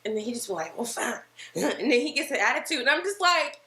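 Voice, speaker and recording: Bright-voiced woman in an echoey room. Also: high voice, quick pace, a little hiss or hum. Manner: animated storyteller who acts out quoted lines. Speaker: podcast co-host. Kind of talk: casual chat. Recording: roomy echo.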